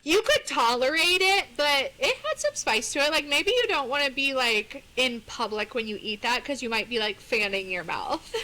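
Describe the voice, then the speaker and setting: Young woman podcast cohost, highish bright voice, animated and chatty. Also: low-quality recording. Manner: animated, chatty, quick to laugh. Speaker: podcast co-host. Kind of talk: casual book chat.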